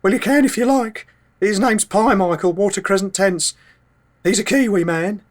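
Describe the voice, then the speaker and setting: A man's voice: high voice, moderate pace, voice pushed up, lightly acted. A man voicing a confused, rambling older lady who stammers and forgets where she is.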